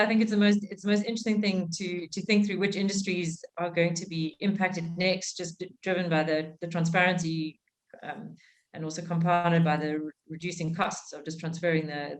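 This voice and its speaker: A woman's voice: on the low side, little pitch movement, brisk, poor audio. Woman, from South Africa, webinar moderator, video call, reads questions aloud. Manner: reading out audience questions.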